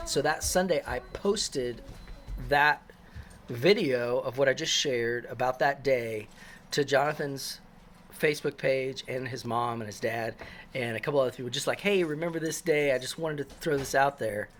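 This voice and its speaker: A man's voice: mid-range voice, normal speed, a little hiss or hum. A man casually telling a personal church story, rambling with many fillers and restarts. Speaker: christian storyteller.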